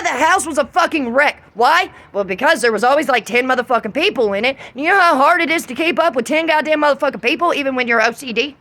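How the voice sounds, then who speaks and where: A woman's voice: high-pitched, a bit bright. Ranting, foul-mouthed woman vlogger. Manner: heated, ranting, heavy swearing. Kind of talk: profane venting monologue to camera.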